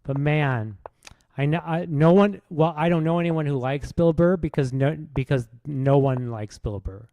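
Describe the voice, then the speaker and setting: A man's voice: a little high, moderate pace, dry recording, muffled recording. A man streaming chess, rambling through a rude comic roast with lots of false starts. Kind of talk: casual streaming commentary while playing.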